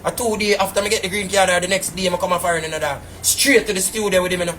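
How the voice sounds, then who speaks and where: This businessman, giving his side of things, speaks in Jamaican patois on a live stream, ranting casually and indignantly while rambling through repeated fillers. His voice sits high and comes out rapid-fire, steady and a bit bright, with a little hiss or hum in the audio.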